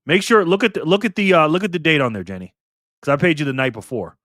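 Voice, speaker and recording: A man's voice: on the high side, fast, a bit bright, no echo, studio quality. An older man hosting a live stream in a casual, chatty way, thanking viewers by name and swearing now and then.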